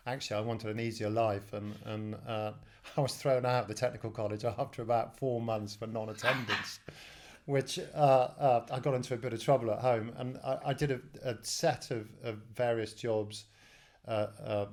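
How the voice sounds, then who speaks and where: A man in his fifties from England, a telecoms director, appears as a studio guest and tells his career story. His manner is chatty and self-deprecating, with many restarts, in a somewhat low, slightly mellow voice.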